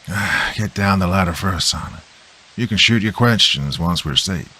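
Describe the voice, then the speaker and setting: Man voicing a gruff, weary old grandpa. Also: low voice, moderate pace, sharp tone, heavily acted, poor audio. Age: older.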